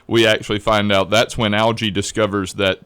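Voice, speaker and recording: A man's voice: fairly low pitch, little pitch movement, fairly quick, a bit bright, clean tone, dry recording. A man who directs a school play, explaining the story and his casting choices in a radio interview. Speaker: drama teacher and director.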